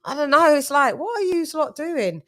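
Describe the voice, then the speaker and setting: Casting: woman, slightly high voice, blunt fight chat, dry mic. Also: big pitch swings, normal speed, no room sound. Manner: blunt, profane, emphatic. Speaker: channel host. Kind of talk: casual live watch-along chat.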